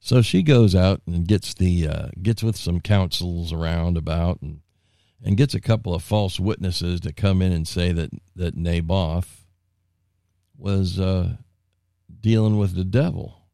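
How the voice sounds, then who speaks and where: A man's voice: low voice, a little slow, gravelly, dark tone, no room sound, studio quality. A man preaching informally, retelling a scripture story in his own folksy words, with asides and restarts along the way. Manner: rambling with frequent restarts and asides. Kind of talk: informal Bible teaching.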